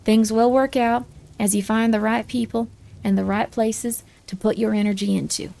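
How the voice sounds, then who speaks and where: Streamer lady rambling n joking, lots of vocal fry, kinda high voice. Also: fairly even intonation, normal speed, warm tone. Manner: rambling, joking, self-interrupting. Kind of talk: casual live-stream chat.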